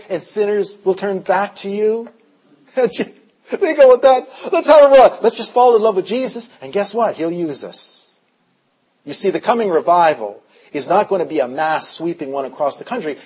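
A man preaching a sermon as pastor, telling stories, sometimes shouting and sometimes dropping to a hush. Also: high-pitched, husky, rough recording. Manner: storytelling, shifts from shouting to hushed.

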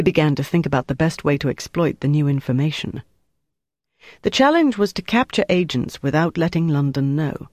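Steady audiobook narrator, dry sound. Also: mid-range voice, moderate pace, no room sound. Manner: even, steady reading. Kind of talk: scripted narration.

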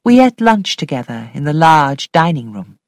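A woman reading a story aloud in an expressive voice that sometimes drops to a whisper. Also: sits low, moderate pace, no echo, studio quality. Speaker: audiobook reader. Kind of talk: storybook narration.

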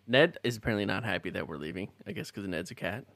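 A man leading a casual group reading of a gamebook, laughing often and pausing with fillers as he reads. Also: fairly low pitch, sing-song, gravelly, fairly bright tone, no echo. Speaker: reader leading the group through the story.

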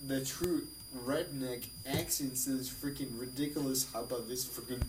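A man's voice: medium pitch, steady tone, moderate pace, recorded from a distance, noisy background. A drunk man with a Finnish accent, rambling and swearing while livestreaming with his guitar. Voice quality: slurred, rambling, heavy swearing. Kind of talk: casual drunken stream chat. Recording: roomy, off-mic, loud guitar. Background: guitar music.

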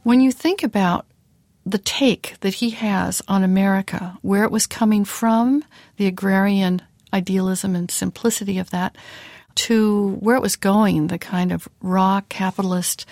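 A woman talking in an interview, making her points with clear emphasis and steady conviction. Her voice is close and dry, with no room sound. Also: mid-range voice, moderate pace, no room sound. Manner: articulate and emphatic. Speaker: literary commentator. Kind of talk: interview answers.

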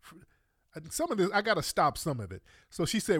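Indignant male podcast host, lively pitch. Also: brisk, no room sound, studio quality. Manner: indignant, mocking, repeats rhetorical questions. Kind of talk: commentary on a played clip.

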